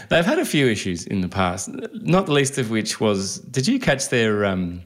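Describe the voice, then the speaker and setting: A man hosting a casual podcast chat, jokey and quick to laugh. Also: lowish voice, very animated. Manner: jokey, laughs often, acts out quotes.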